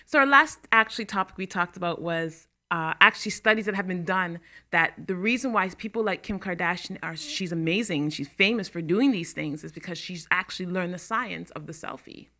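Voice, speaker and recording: A woman's voice: fairly low pitch, expressive, a little fast, hardly any pauses, pushed and bright. A young adult woman hosting a talk show, chatting casually to camera with laughing asides and stressed words.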